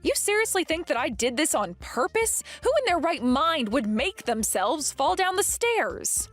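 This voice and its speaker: A young pregnant wife, voiced by a woman, firm and demanding, with a high, husky voice. Faint music runs underneath. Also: lively intonation, normal speed. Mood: defensive. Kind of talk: dramatized text-message story.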